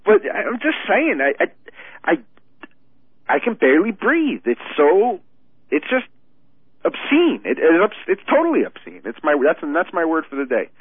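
A man calling in to a radio show, talking in an excitable, stammering, indignant way about politics. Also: a little high, moderate pace, husky, dry recording. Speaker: phone-in guest. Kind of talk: heated political chat on a phone line. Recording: tinny dry phone line.

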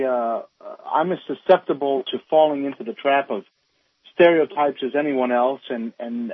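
A man calling into a radio talk show, speaking in a halting, heated way full of restarts. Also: medium pitch, breathy edge, dry recording. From northern United States. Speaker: caller. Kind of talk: call-in radio comment. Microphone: phone. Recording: tinny phone line.

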